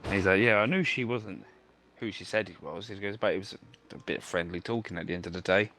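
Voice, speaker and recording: Low-voiced man rambling a story. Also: fast, fairly bright tone, a little hiss or hum. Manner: rambling anecdote, many fillers and restarts. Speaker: gamer telling a story. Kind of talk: casual chat over gameplay.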